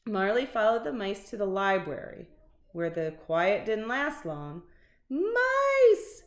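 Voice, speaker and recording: Brief: woman narrating a kids' picture book, very slow and expressive, echoey room. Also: mid-range voice. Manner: expressive, unhurried storytelling. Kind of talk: reading a children's picture book aloud. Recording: roomy echo.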